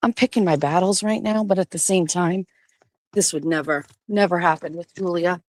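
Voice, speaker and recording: A woman in her forties chatting casually to camera, slipping into a high cooing voice for her dogs. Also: moderate pace. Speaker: vlogger. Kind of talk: casual vlog chat.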